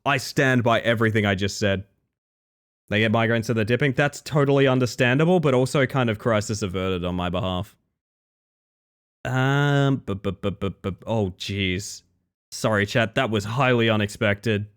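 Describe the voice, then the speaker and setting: A man's voice: lowish voice, clear, resonant tone. A man streaming from home, chatting loosely and joking at himself while signing off for the night. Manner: rambling, self-mocking, quick to laugh. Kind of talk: casual stream sign-off chat.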